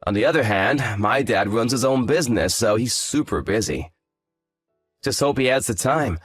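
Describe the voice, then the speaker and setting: The character here is an arrogant, hungover young fiancé, voiced by a man in a scripted drama with a smug mood, lazy, condescending, and sarcastic. His medium-pitched delivery is expressive and moderately paced, close to an everyday voice, over soft background music.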